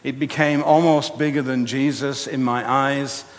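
A man preaching a sermon, telling a personal story with animated, self-mocking humor. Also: medium pitch, a little slow. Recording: long hall reverb.

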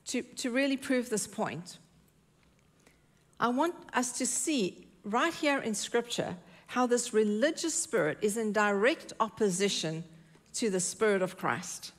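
A woman preaching a sermon in church, earnest and emphatic, repeating her key phrases. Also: on the high side.

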